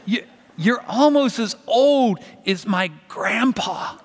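A man's voice: high-pitched, lively intonation, slow, long reverb tail, voice pushed up, full character voice. A man voicing a cheeky seven-year-old girl who teases in a matter-of-fact way. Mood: teasing.

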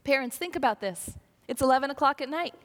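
A woman's voice: high-pitched, expressive, fast talker. A middle-aged woman pastor giving an earnest sermon, telling stories and acting out quoted voices. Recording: long reverb of a large hall.

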